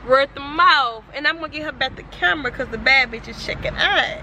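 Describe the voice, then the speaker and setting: Brash high-voiced young woman from Houston. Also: a little fast, recorded from a distance. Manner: brash and teasing, slangy. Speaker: vlogger. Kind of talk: casual vlog banter. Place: car and outdoors in a city. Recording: noisy street and car background.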